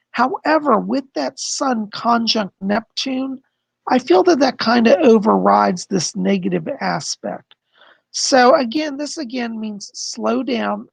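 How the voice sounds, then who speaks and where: Man, hoarse, heavy vocal fry, breathy husky tone, dry close sound, casual astrology livestream talk. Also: sits high, no room sound. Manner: chatty, explains with frequent "okay?" and "you know". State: hoarse, losing his voice. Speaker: psychic astrologer host.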